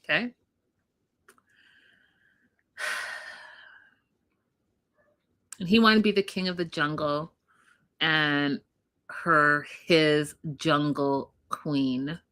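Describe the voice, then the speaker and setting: A woman's voice: deep voice, steady tone, very slow, pauses often, pushed and bright. A woman co-hosting a casual recap chat, talking in a blunt, emphatic way and swearing freely. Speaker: podcast co-host.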